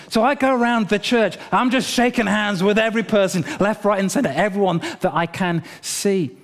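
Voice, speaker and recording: A middle-aged man preaching a sermon as pastor, telling a story in a lively, humorous way. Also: high voice, a little fast.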